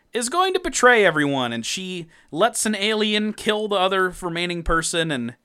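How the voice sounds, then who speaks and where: Brief: male podcast co-host, slightly high and clear, loose and swearing, quick to laugh. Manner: animated, laughing often, swearing freely. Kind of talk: casual comic recap chat.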